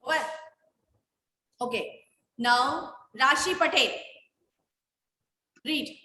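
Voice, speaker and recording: A woman teaching grammar in an online class, speaking slowly and repeating questions to her students. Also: high-pitched, sharp tone, reverberant. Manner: slow, repetitive, quizzing students. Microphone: video call.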